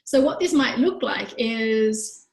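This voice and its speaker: A woman leads an online parenting workshop in a chatty, animated way, taking her time and speaking with vocal fry. She acts out quoted lines in higher voices, and the room sound is echoey.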